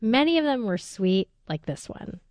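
A woman's voice: a little high, sing-song, normal speed, darkish tone, no room sound, clean studio sound. A woman hosting a radio show, reading conversational scripted links between segments.

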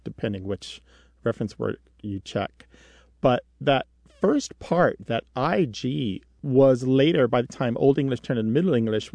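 A man hosting a call-in radio show, his voice close and dry on a studio microphone. He chats easily with callers and explains word history as if telling a story, at a middling pitch. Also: a little mellow, no room sound.

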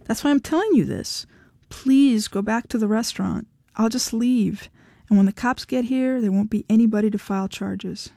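A woman's voice: fairly high pitch, moderate pace, creaky, no echo, studio quality. A woman reading the part of a tough, blunt wife who speaks firmly and with exasperation. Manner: firm, exasperated, flat.

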